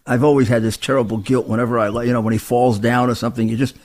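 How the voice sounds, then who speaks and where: A man co-hosting a political talk show, talking in quick, rambling runs full of restarts and asides. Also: mid-range voice, little pitch movement, darkish tone. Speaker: co-host.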